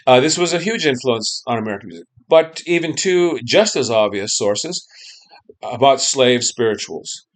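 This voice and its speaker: A man's voice: medium pitch, animated, moderate pace. A man lecturing a class on music history, loose and conversational, checking in with the students and humming snippets of melodies.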